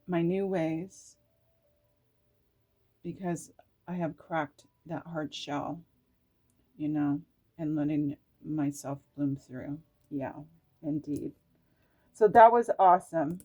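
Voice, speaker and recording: A middle-aged woman gives an emotional tarot reading, reading out card meanings and breaking into laughter and tearful asides. Her mellow voice sits low, and she speaks slowly with frequent pauses.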